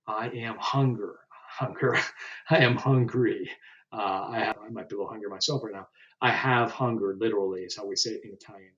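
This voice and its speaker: A man with a medium-pitched voice teaches language slowly, explaining vocabulary step by step on a dull-sounding recording. He pronounces example phrases in a slow, deliberate way, filling gaps with "uh." He's older than twenty and jokes about his age.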